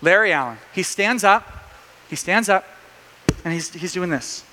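A man preaching a sermon, telling a story in a lively way with many restarts. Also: sits high, a little slow, big-room sound, slight background noise.

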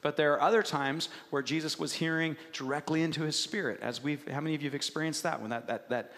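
A man's voice: on the high side, steady tone, fast talker, fairly bright tone. A man preaching a sermon, asking the congregation questions and telling stories with animation. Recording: long reverb of a large hall.

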